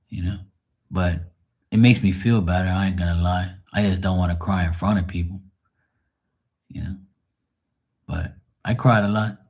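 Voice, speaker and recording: A man with a low, slightly mellow voice and a slightly rough sound streams live tarot readings. He chats casually with viewers, blunt and profane, talking offhandedly and straight to the chat.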